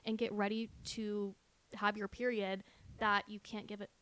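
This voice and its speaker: A woman's voice: mid-range voice, a little slow. Chatty young woman co-hosting a podcast. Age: young adult. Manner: chatty, animated, laughs often, heavy use of "like". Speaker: podcast co-host. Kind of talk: casual chat.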